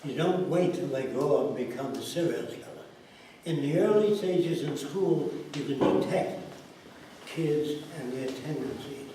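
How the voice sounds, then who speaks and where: A man being interviewed explains his ideas through anecdotes, performing the voices of the people in his stories. He speaks at medium pitch, unhurried and warm. The recording has a faint hiss or hum, an echoey room, a distant mic and faint ambience.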